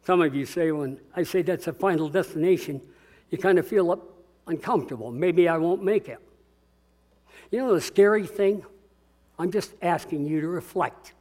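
An older man preaching a sermon as pastor, earnest and swinging between quiet reflection and rousing call-and-response. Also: a little high, normal speed.

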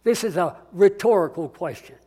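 An older man preaching a sermon as pastor, earnest and swinging between quiet reflection and rousing call-and-response. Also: high-pitched, expressive, normal speed.

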